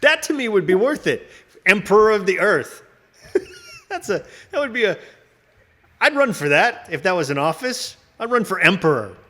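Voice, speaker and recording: A man in loose, casual conversation, slightly higher-pitched than most men. He rambles from one riff to the next, swears freely and laughs a lot. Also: sing-song, normal speed, long pauses, pushed and bright. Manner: rambling, laughing, profane riffs. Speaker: host. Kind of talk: casual chat.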